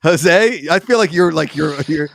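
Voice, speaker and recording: A man hosting a casual game watch-party chat, excitable, reading chat aloud and laughing often. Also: fairly high pitch, unhurried, vocal fry. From Pittsburgh. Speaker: host.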